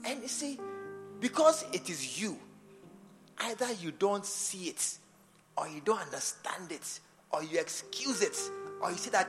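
A Ghanaian archbishop preaches a sermon in a high, lively voice that leaps up and down. His tone is bright and sharp, and he repeats phrases, dropping to a near-whisper before pushing up loud again. The sound carries the long reverb of a church hall, with faint music underneath. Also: measured pace, pauses often. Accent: Ghanaian English.

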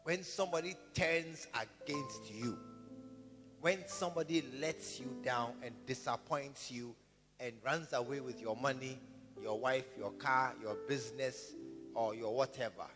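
A man's voice: mid-range voice, unhurried. A man preaching a sermon, telling stories, repeating phrases and calling for amens. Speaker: pastor. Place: church. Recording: reverberant hall with guitar music.

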